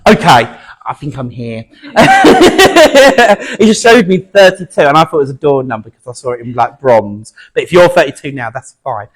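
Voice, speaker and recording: Male medium, chatty and halting with fillers, animated, slightly high voice. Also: husky. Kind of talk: platform mediumship demonstration. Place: spiritualist centre meeting room before an audience.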